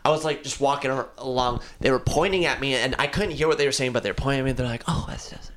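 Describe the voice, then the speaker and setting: A man's voice: medium pitch, racing, a bit bright. A young man co-hosting a podcast in casual chat, telling a rambling story full of restarts. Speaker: podcast co-host.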